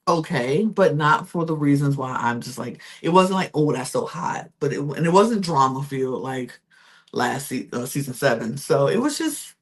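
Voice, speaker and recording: A woman hosting a casual reality TV recap podcast, chatty and full of fillers and self-corrections. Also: sits low. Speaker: podcast host.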